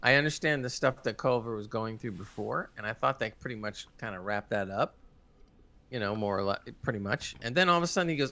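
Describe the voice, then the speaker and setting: A man talks quickly in a bright, forceful voice as he co-hosts a casual live discussion. He jokes around and acts out the scenes he retells. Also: fairly low pitch. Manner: fast, joking, animated retelling. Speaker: podcast co-host.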